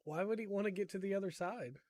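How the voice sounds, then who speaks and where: A man co-hosting a podcast, trading jokes in casual chat with deadpan, teasing setups. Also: sits high, fast talker, no room sound. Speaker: podcast co-host.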